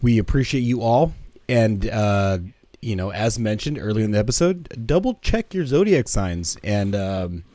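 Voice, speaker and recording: A man's voice: on the low side, expressive, moderate pace, warm tone, dry recording. A man co-hosting a casual podcast, easygoing, reading out a fortune and addressing everybody. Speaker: podcast co-host.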